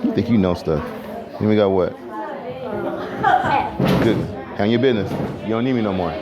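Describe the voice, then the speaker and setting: A man teaching a music class, keeping students on task with firm, brisk directions and some playful teasing. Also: fairly low pitch, a loud crowd. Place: school classroom. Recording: noisy classroom with students chattering.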